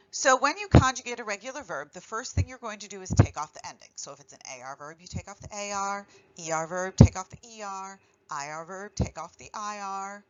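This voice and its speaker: A woman teaching a Spanish grammar lesson, spelling out verb endings clearly and stressing each one deliberately. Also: mid-range voice, rough recording.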